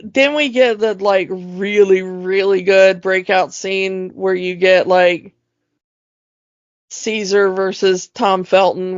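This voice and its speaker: A woman co-host chatting casually about a film, her talk unhurried and sprinkled with fillers. The sound is dull and lo-fi, dry with no room to it. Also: medium pitch, flat delivery, no room sound. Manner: chatty retelling with many fillers and laughs. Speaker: podcast co-host.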